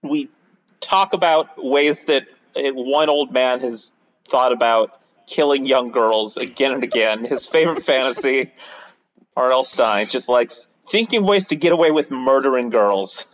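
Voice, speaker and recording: A man's voice: mid-range voice, measured pace, dull audio. A man co-hosting a podcast in casual chat, rambling and joking with many fillers. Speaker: podcast co-host.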